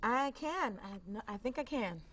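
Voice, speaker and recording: A woman's voice: fairly high pitch, expressive, moderate pace, a bit bright. A woman from New York, a game show contestant, answering hesitantly with many ums. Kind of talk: answering quiz prompts. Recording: noisy background.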